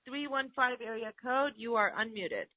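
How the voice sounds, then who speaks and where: A woman's voice: on the high side, normal speed. A woman hosting a call-in show, reassuring and affectionate, calling callers honey and sweetheart. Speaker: host. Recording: phone-line call audio.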